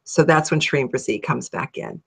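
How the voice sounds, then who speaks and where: A middle-aged woman from Ohio, a guest in an interview, telling her story in a lively way and acting out her own thoughts. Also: deep voice, normal speed, gravelly, husky. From Ohio, USA. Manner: animated, acts out her own thoughts in a raised voice.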